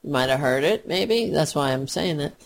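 A woman's voice: low voice, lively intonation, moderate pace, gravelly. A woman hosting political talk radio, ranting angrily and profanely, mocking people with sarcastic quoted voices and rambling through restarts. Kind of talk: opinionated political rant.

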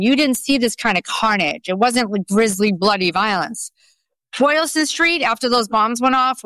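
Emphatic Boston woman, smooth voice. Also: mid-range voice, a bit bright, dry recording. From Boston, USA. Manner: emphatic, skeptical, conversational with fillers. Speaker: guest journalist. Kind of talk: podcast interview.

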